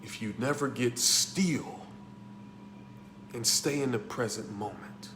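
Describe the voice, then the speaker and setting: Male motivational coach in an echoey room, emphatic and repetitive, shifts between hushed tones and loud bursts. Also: medium pitch, slow, slight background noise. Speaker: life coach teaching a masterclass. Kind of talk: motivational class talk.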